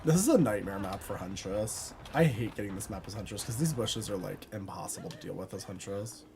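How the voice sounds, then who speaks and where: A woman streamer giving chatty, expressive live commentary while she plays, full of quick reactions and playful complaints. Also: extremely low pitch, noisy background.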